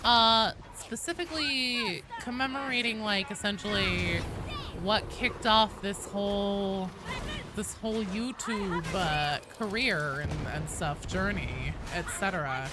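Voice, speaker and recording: A woman in her thirties streaming a game live, chatting with her viewers in a lively, joking way with loud outbursts. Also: mid-range voice, slow, over music. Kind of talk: live-stream chat while gaming. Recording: game sounds and noise behind voice.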